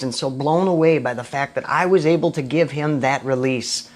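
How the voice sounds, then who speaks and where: A man's voice: mid-range voice, moderate pace, few pauses. A man giving a live video talk about recovery, speaking earnestly and emphatically, repeating phrases for effect.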